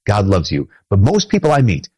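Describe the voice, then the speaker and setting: Priest from Minnesota, husky low voice, dry close sound, emphatic conversational homily. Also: male voice, huge pitch swings, a little fast, warm tone, no room sound, low-quality recording. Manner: emphatic, repetitive, talks straight to the listener.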